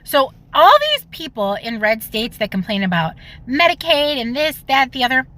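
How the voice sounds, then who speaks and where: Woman from Illinois, higher pitch, bright edge, indignant mocking rant into a phone. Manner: indignant, mocking, rapid bursts. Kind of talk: social media reaction rant.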